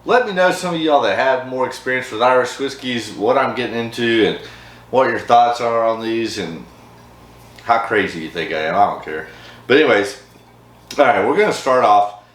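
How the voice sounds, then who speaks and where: A man's voice: medium pitch, animated, normal speed, a bit bright, far from the mic. A man hosting a casual whiskey tasting vlog, chatty and upbeat with frequent laughs. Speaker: host of a whiskey review channel. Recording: echoey room with faint background hum.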